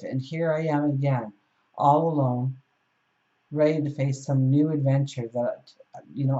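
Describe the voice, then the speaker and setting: A woman's voice: very deep voice, dark tone, highs cut off. A woman telling of a weary shipwrecked young woman.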